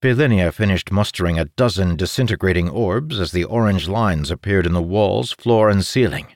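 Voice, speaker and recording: A man narrating a fantasy adventure audiobook with a steady, measured delivery. his voice sits low, and the recording is close and dry, with no room sound. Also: dry recording.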